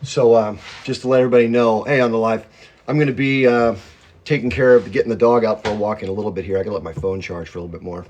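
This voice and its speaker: A man's voice: on the low side, steady tone, fast talker, a little mellow, dull audio, slight background noise. A man hosting a casual livestream from home, rambling and greeting viewers by name as their comments come in. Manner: self-described hyped-up talker. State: chewing while talking. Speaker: livestream host. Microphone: phone.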